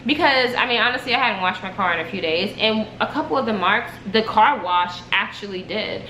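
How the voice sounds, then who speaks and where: A young woman vlogger telling a story casually, with animated, dramatic delivery. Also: mid-range voice, brisk, reverberant, slight background noise, poor audio.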